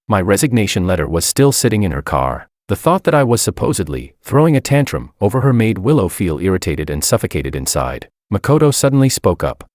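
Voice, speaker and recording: Deep-voiced man narrating a story. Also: sing-song, a little fast, few pauses, darkish tone, no echo, studio quality. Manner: earnest, heartbroken first-person telling. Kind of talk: first-person story narration.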